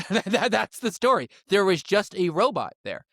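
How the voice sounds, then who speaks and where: A man's voice: sits high, big pitch swings, moderate pace, bright, forceful tone, no echo, studio quality. A man co-hosting a political podcast, laughing often and sounding incredulous in casual chat. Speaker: podcast co-host.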